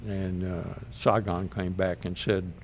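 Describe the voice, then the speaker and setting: Very deep-voiced older man, unhurried. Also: little pitch movement, a little hiss or hum. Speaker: Vietnam veteran guest. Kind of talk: casual storytelling.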